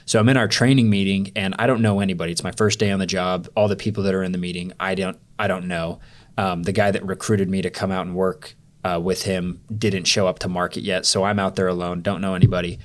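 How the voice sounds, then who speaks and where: Deep-voiced young man telling a story. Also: flat delivery, fast talker. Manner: loose and rambling, heavy use of "like" fillers. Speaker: podcast guest. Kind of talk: storytelling in a casual interview.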